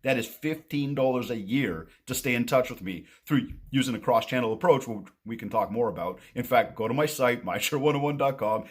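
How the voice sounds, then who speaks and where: A man who coaches on marketing, telling a story to camera in a casual, animated way and acting out both sides of a conversation. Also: medium pitch, a little fast, few pauses, slightly rough.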